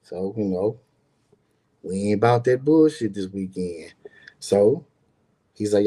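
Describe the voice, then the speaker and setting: A man's voice: lowish voice, lively intonation, slow pace, pauses often, dark tone, slightly rough. A man telling a personal story in casual talk, rambling and repeating words, acting out the people he quotes. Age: adult with grown son.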